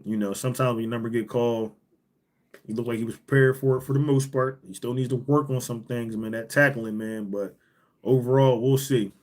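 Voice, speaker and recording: A man's voice: medium pitch, fairly even intonation, a little fast, a little mellow. A man hosting a casual live sports podcast, talking animatedly, repeating himself as he answers comments from the chat. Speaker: podcast host.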